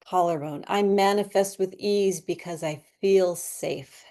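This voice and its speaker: A woman guiding an EFT tapping session, slowly speaking affirmations in a soothing way for listeners to repeat. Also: on the low side, warm tone. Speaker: tapping and meditation guide.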